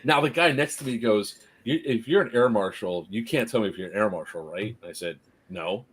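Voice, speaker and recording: A man telling a story casually on a live stream, animated, laughing often and acting out the people in it. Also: lowish voice, fairly quick, breathy edge.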